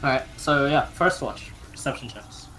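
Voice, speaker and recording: A young man running a tabletop game as game master, narrating haltingly with many fillers and restarts. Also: mid-range voice, expressive, sharp tone, slight background noise.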